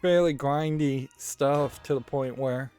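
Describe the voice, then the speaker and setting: A man's voice: medium pitch, slow, a little mellow, clear, resonant tone, soft background music. A man giving casual commentary while playing a card game, rambling and thinking aloud and often correcting himself. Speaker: let's play host.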